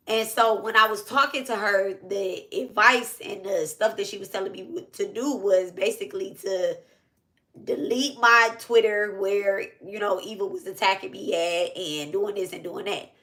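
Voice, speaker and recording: A woman telling a story straight to her viewers in a loose, conversational monologue. Her voice is bright and forceful. She swears freely, talks emphatically and repeats lines to hammer them home. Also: medium pitch. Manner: profane, emphatic, repeats herself. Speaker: spiritual reader and vlogger.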